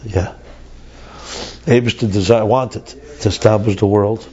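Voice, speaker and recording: A man's voice: lowish voice, fairly even intonation, unhurried, darkish tone, lo-fi sound, slight background noise. A man teaching a text study class, thinking aloud and repeating words as he reads and explains.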